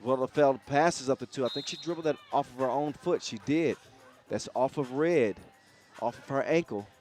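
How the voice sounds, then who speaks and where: A man's voice: medium pitch, normal speed, darkish tone, faint music behind. A man giving live play-by-play commentary at an outdoor event, chatty and joking between plays. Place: outdoor event in a city square.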